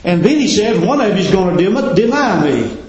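An impassioned man delivers a sermon, his voice climbing into high, ringing cries before dropping low again. His voice rings around an echoing room. The recording sounds a little dull. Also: very animated, normal speed, darkish tone. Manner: impassioned, rising to high exclamations. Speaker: preacher. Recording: roomy, slightly dull recording.

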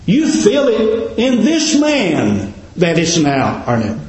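A man's voice: sits high, huge pitch swings, takes it slowly, a little mellow. A man preaching a sermon in a folksy, dramatic cadence, full of rhetorical questions. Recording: very echoey room.

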